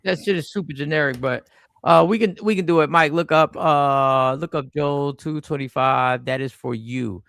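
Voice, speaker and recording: Guy hosting a podcast, lively and playful, gravelly voice, dry close sound. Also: on the high side, normal speed, no echo. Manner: animated, playful storytelling. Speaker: podcast host. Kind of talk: casual chat.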